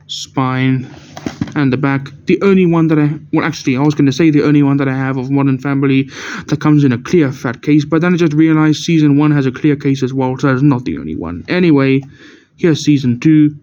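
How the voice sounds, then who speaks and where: A man's voice: fairly high pitch, normal speed, warm tone, a little hiss or hum. A young man casually showing off his DVD collection, rambling and correcting himself as he stumbles over words. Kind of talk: casual show-and-tell narration. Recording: dull lo-fi camera audio.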